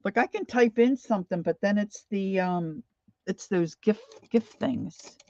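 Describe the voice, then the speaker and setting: Slow gravelly older woman painting live. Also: medium pitch, a little mellow, no room sound, muffled recording. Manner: chatty, rambling, reads viewer comments aloud. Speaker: painting instructor. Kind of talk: live painting stream chat.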